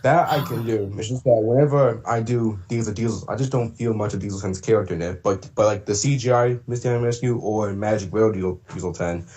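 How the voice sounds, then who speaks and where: Low-voiced man, rambling and hesitant. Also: a little fast, few pauses, a little mellow. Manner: rambling, hesitant, many fillers and throat clears. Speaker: streamer and voice impressionist. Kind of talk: casual livestream chat.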